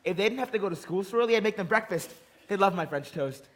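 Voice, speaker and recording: A man's voice: high voice, expressive, quick pace. A young man playing a mopey, fussy divorcé. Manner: mopey, fussy, self-pitying. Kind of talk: stage play scene.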